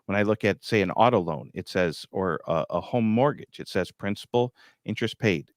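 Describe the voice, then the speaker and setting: A man's voice: lowish voice, moderate pace, no room sound, studio quality. A middle-aged man hosting a grain market show, talking bluntly with a teasing edge. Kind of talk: market commentary.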